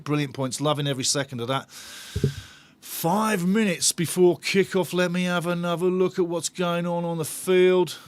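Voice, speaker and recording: A man's voice: fairly high pitch, clear, resonant tone, dry recording. A man hosting a live football watch-along, chatting with viewers in a bantering, sarcastic way. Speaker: host of a football fan watch-along channel.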